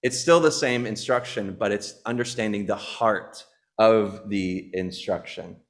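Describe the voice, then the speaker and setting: A man's voice: lowish voice, a little slow. A man preaching a sermon as pastor, earnest, repeating key phrases, with frequent fillers. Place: church.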